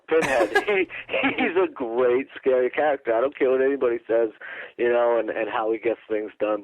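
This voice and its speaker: A man's voice: medium pitch, no echo. A man co-hosting a casual movie review chat, easygoing and rambling. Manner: easygoing, says dude a lot. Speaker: podcast co-host. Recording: tinny, lo-fi and dry.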